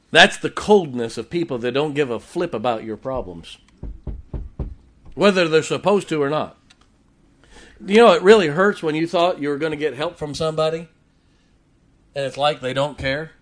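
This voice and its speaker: A man preaching a sermon to a congregation, folksy and emphatic, repeating his key lines and chuckling between points. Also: a little high. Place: church before a congregation.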